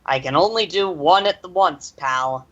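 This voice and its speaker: A woman's voice: fairly low pitch, moderate pace, a bit bright, dull audio, natural voice. Woman doing a blunt, wry young woman. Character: blunt, irreverent young female Pokemon translator.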